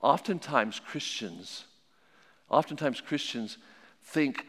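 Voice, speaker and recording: A man preaching a sermon, telling a story with animated energy and dropping low and quiet when he drives the point home. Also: moderate pace. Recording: long echoing hall reverb.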